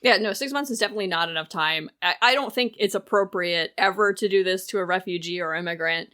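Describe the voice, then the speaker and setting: A woman's voice: lowish voice, fast talker, pushed and bright. Chatty woman explaining things. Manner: chatty, explains at length with many fillers. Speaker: podcast co-host. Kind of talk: casual chat.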